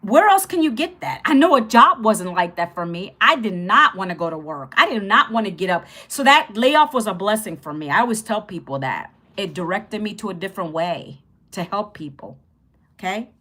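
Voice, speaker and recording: A woman's voice: medium pitch, very animated, normal speed, bright, forceful tone. A woman in her fifties hosting a casual livestream, chatty and upbeat, greeting viewers and repeating phrases as she teaches. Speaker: livestream host teaching online income.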